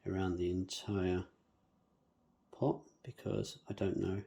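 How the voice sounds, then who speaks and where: A man with a mellow, soft-edged voice talks viewers through a hands-on planting tutorial in a casual, chatty way. He hums little nonsense syllables as he works. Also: low voice, little pitch movement, takes it slowly, creaky. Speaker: bonsai planting demonstrator.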